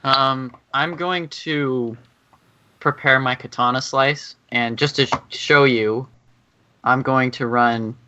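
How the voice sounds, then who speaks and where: A man's voice: medium pitch, steady tone, takes it slowly, pushed and bright, lo-fi sound, a little hiss or hum. A man playing a tabletop game, talking casually and asking questions about his moves. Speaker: player.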